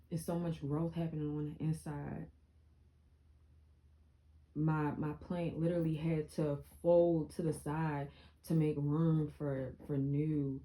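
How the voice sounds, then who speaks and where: In a casual motivational vlog, a young woman addresses her viewers in a low, mellow voice. She speaks earnestly and repeats lines for emphasis, and the recording is rough with slight background noise.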